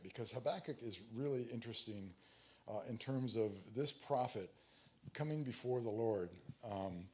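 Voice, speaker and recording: A man giving a sermon on prayer in a conversational, halting way, with many fillers and restarts, who reads scripture aloud with rising emphasis. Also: medium pitch. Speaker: prayer teacher. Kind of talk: sermon teaching.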